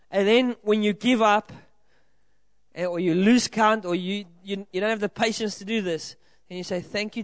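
A man's voice: high voice, dry recording. A man from South Africa preaching a sermon to a congregation, earnest and encouraging, speaking directly to the people in front of him. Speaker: pastor. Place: church hall with a congregation.

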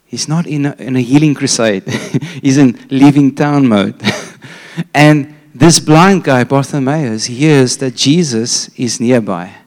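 A man preaching a sermon to a church congregation, retelling a story with animated energy and frequent restarts. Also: medium pitch.

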